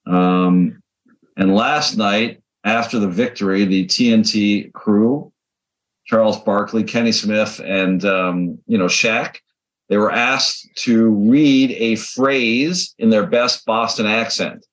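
A man's voice: fairly low pitch, steady tone, takes it slowly, poor audio. Rambling male podcast co-host. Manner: loose, rambling, with fillers. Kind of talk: casual chat.

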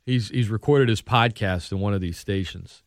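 A man hosting sports talk radio in casual chat, animated and laughing often. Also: on the low side, normal speed, no echo, clean studio sound.

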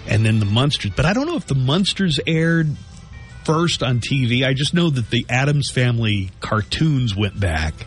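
A man co-hosting a loose, casual show, thinking out loud and tossing questions to the others as he goes. His voice sits at an ordinary middle pitch. Faint music plays behind him. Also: expressive, moderate pace. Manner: chatty, thinks aloud with rhetorical questions. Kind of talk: casual chat.

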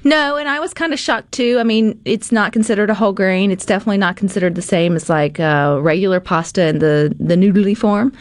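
A woman hosting a casual cooking segment, chatty and animated, with frequent filler words. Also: mid-range voice, fairly quick, few pauses, dry recording. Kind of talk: casual cooking demo chat.

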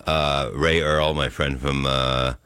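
A man's voice: extremely low pitch, level tone, slow pace, bright, forceful tone, smooth, no room sound, studio quality. A man, a stand-up comedian guest on a radio show, chatting casually and rambling with repeated words. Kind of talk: casual studio chat.

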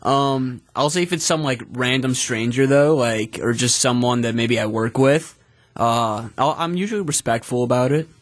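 A man's voice: mid-range voice, normal speed, dry recording. A young man co-hosting a radio show, answering in an easygoing, hesitant way. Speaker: radio co-host. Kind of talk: casual radio talk.

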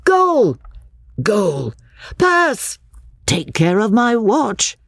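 An older vicar who shouts high, flustered warnings, as a woman reader puts him on. He calls out in a dry, close voice with a soft husk to it. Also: huge pitch swings, extremely slow, gravelly, no room sound, full character voice. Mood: excited. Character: fussy older clergyman calling out.

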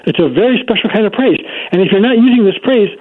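A man's voice: high-pitched, expressive, fast, slightly rough, no room sound. A man speaking as a child psychology expert guest, explaining his points emphatically in an interview. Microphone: phone. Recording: dry tinny phone line.

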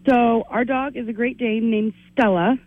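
A woman's voice: fairly high pitch, steady tone, normal speed, no room sound. A woman calling in to a radio show, talking cheerfully about her dog. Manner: cheerful, laughing. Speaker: caller. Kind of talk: phone-in chat. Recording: dull phone line.

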